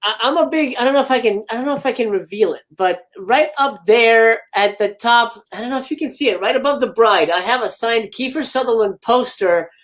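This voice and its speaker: A woman's voice: fairly high pitch, fairly quick, few pauses. A woman guest in a casual livestream film chat, blunt and enthusiastic, swearing freely. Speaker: guest co-host.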